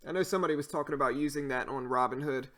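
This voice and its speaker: A man's voice: mid-range voice, racing, bright, forceful tone. A man with a Cajun accent, chatting casually on a live stream as he answers viewers and explains trading. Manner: explains while answering chat, loose fillers.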